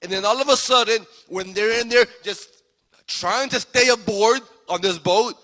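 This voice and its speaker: A man preaching a sermon as pastor, animated and repetitive, acting out the speakers in the story. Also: high voice, moderate pace. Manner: animated preaching, repeats phrases, acts out voices. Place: church sanctuary. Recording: long hall reverb.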